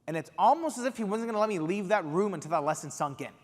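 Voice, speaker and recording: A young man from Los Angeles giving a keynote speech, telling a story with lively energy and acting out the quotes. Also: sits high, fast. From Los Angeles, USA. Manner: animated, acts out quotes. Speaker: keynote speaker. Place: conference hall stage. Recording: long reverb of a large hall.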